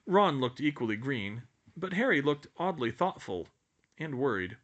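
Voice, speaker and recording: A man narrating an audiobook in a lively, expressive reading voice. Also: medium pitch, moderate pace. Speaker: audiobook reader.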